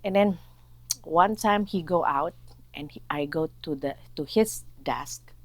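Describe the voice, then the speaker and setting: A woman with an Indonesian accent, a non-native English speaker, telling her faith testimony in a halting way and acting out her past speech. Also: low voice, no room sound. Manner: halting, searching for words, acts out her own past speech. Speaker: guest sharing testimony.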